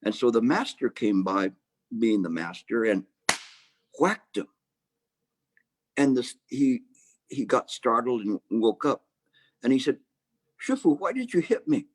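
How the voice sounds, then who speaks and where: A man giving a Chan meditation dharma talk, halting with restarts and fillers, with gentle humor. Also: medium pitch, no room sound. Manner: hesitant, many restarts and fillers.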